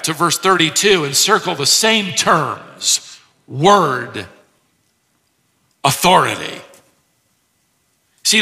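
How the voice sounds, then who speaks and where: A man's voice: sits high, pushed and bright, in a large hall. A man preaching an expository sermon in a church, emphatic and full of rhetorical questions.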